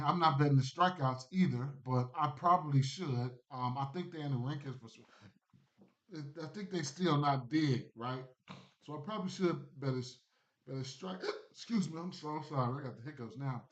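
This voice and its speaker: A man's voice: a little high, normal speed. A man chatting casually on a sports betting livestream, rambling loosely with many fillers and restarts. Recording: dull lo-fi stream audio.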